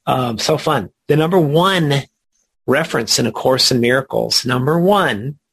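Gravelly-voiced male study teacher, earnest, stretches key words, husky tone. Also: mid-range voice, a little slow, a bit bright.

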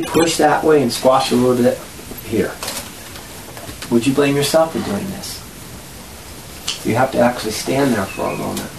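Lively spiritual teacher leading a group lesson, laughs a lot, acts out voices, roomy echo, steady hiss behind. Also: medium pitch.

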